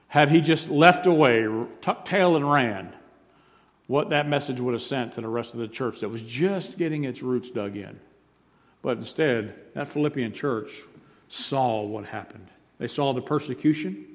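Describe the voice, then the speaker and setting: Preacher in a reverberant hall. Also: male voice, medium pitch. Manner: emphatic preaching, repeats key points, swings loud and soft. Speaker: pastor. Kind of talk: sermon.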